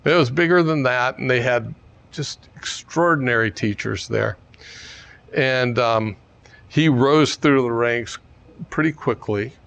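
A man's voice: medium pitch, unhurried, creaky, fairly bright tone. A man telling a teaching story in a casual, digressive way with chuckling asides. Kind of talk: storytelling dharma talk.

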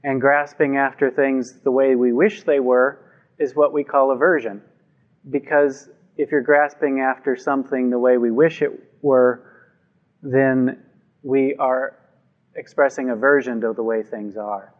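Slow, calm male meditation teacher. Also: mid-range voice, highs cut off. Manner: calm, measured, gently reflective. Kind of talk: dharma talk on meditation. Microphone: microphone before a group.

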